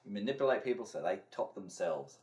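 A man's voice: fairly low pitch, expressive, a little fast, darkish tone, slight background noise. A man co-hosting a podcast in rambling, profane casual chat, padded with fillers. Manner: rambling and profane, full of "you know" fillers. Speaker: podcast co-host.

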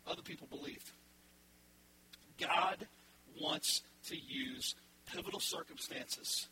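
Man, pastor, sermon, high voice, lively delivery, noisy recording with hum. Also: gravelly. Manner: animated, acts out voices in the story.

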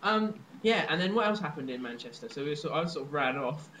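A young man from southern England co-hosting a casual chat show, excitable and jokey with sudden loud laughing shouts. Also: fairly high pitch, fairly quick, a little hiss or hum, rough recording. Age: young adult. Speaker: podcast co-host.

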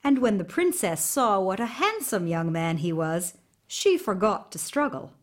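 A woman reading a fairy tale aloud with slow, expressive narration. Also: mid-range voice. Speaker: storyteller. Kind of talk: storybook read-aloud.

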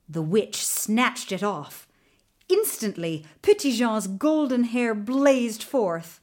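A woman narrating a children's storybook in an expressive, animated way. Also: a little high, slow pace. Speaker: audiobook narrator.

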